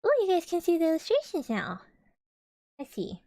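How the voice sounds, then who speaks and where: A woman's voice: very high voice, wildly swooping pitch, normal speed, mellow, no echo, clean studio sound. A young woman streamer reading a children's book aloud, breaking off for playful, musing asides. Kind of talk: casual storybook reading with chatty asides. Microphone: streaming microphone.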